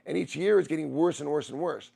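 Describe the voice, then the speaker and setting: A man's voice: a little high, quick pace, vocal fry, dark tone, husky. A middle-aged man who streams, telling a personal story in a rambling way, restarting and repeating phrases.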